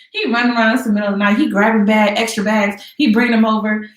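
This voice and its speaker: A young woman in her twenties telling a casual storytime, animated and dramatic, full of slangy asides. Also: mid-range voice, very fast. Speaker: vlogger. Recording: echoey room.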